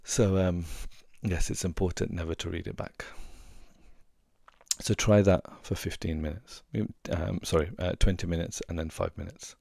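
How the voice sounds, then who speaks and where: Low gravelly man giving relationship advice. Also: level tone, normal speed, a little mellow, dry recording, clean studio sound. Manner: earnest, repeats words for emphasis, many restarts. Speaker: relationship coach and hypnotherapist. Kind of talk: advice talk to camera.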